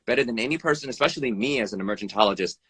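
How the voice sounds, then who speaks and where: A man who works as an emergency room doctor, talking bluntly over a live video stream, swearing freely, his pitch jumping up and down, and tagging "right?" onto his points. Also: very fast, slightly rough, dry recording. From United States. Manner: animated, pitch jumps up and down. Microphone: phone or video call mic.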